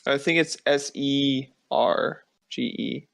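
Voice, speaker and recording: A man's voice: medium pitch, steady tone, takes it slowly, vocal fry, a bit bright. A man from Canada chatting casually as a podcast guest, easygoing and agreeable. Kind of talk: casual chat.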